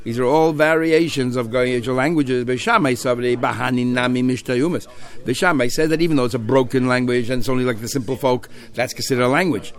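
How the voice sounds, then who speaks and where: Man, Talmud teacher, mid-pitched voice, talks through text with restarts and Hebrew terms. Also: fairly even intonation, fast talker, few pauses. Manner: explains in a Yeshivish mix of Hebrew and Aramaic terms with English, with many restarts. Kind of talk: Talmud class lecture.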